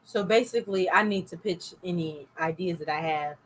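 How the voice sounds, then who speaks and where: A woman guest in a casual podcast chat, relaxed, joking and blunt. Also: on the low side, normal speed, a little hiss or hum, rough recording.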